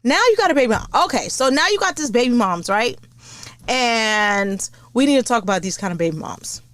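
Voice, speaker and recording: A woman's voice: a little high, a little fast, dry recording. A woman hosting a podcast, ranting in a blunt, profane, comedic way. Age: older. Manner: blunt, profane, lively and animated. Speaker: podcast host. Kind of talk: casual comedic rant.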